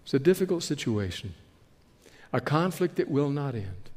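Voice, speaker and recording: A man preaching a sermon in an animated way, acting out the characters in the story he tells. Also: mid-range voice, normal speed. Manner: animated, acts out the characters he describes. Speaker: pastor. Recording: long hall reverb.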